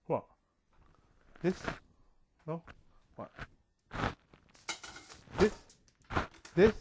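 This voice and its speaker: A man's voice: fairly high pitch, very animated, drawn-out words, a little mellow, breathy edge. A man talking in a rambling, casual monologue, full of fillers and digressions. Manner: chatty, digressive, many fillers.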